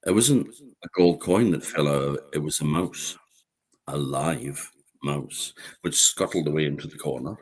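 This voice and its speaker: Orkney guy telling an old folk tale, lively, low husky voice. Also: moderate pace. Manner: lively, animated. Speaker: storyteller.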